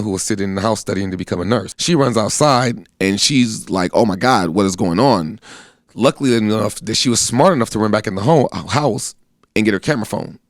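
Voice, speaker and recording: A guest telling his story, this thirty-something US army veteran speaks earnestly and plainly in conversation, imitating the voices he quotes. His voice is lowish, and the clean studio sound has no echo.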